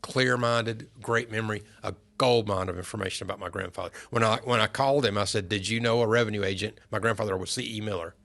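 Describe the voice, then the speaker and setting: A middle-aged man, a podcast guest, telling family stories in an earnest, unhurried way. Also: lowish voice, fairly even intonation, creaky, fairly bright tone. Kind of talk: casual storytelling interview.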